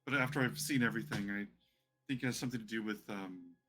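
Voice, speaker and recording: A man's voice: on the low side, fast talker, sharp tone, slightly rough. A man narrating as game master, rambling and hesitant, with frequent fillers.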